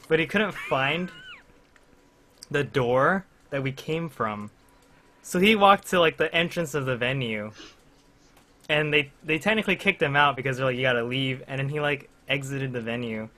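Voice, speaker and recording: In an expressive, medium-pitched voice that's bright and forceful, a young podcast co-host speaks at a moderate pace. He's casually chatting with friends, meandering through a story with lots of fillers and laughter.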